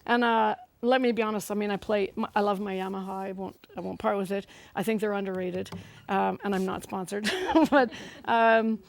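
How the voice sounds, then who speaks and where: A woman guest singer-songwriter telling stories in a chatty, animated way, laughing often, on a live talk show. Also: medium pitch, normal speed, gravelly, slight background noise.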